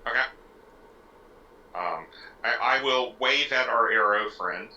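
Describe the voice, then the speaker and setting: A man's voice: lowish voice, slow, pushed and bright, lo-fi sound, slight background noise. A man playing a tabletop game, speaking hesitantly and giggling. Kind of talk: casual chat. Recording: distant echoey mic.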